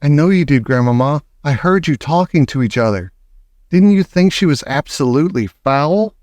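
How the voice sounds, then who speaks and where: A man doing an eager little boy in a storybook, his voice jumping high and breathless with excitement. The sound is bone-dry and close, with no room around it. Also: moderate pace, no room sound, lightly acted. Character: excited, brave young boy turned into a mouse.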